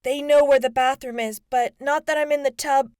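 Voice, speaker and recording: A woman's voice: high voice, steady tone, normal speed, a little mellow, no room sound, clean studio sound, voice pushed up, natural voice. A woman voicing a scared teen girl gasping for air. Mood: frightened. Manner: strained, short of breath. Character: frightened teenage girl trapped in fire.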